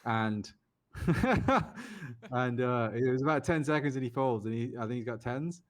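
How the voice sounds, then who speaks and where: British man telling animated poker stories. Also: medium pitch, normal speed. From United Kingdom. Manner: animated anecdotes, quoting others in raised voices. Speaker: guest, poker player. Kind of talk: casual storytelling.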